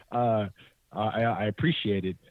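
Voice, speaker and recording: This lively, low-voiced hunter from California takes his time, telling casual stories as a podcast guest. He laughs a lot and animates quotes by pitching his voice up. The sound comes through a tinny, dry remote call with no echo.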